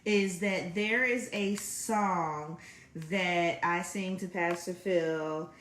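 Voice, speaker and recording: A woman's voice: fairly low pitch, extremely slow, fairly bright tone, reverberant, slight background noise. A woman co-hosting a casual chat with viewers, playful and laughing often as she talks about her husband. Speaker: co-host.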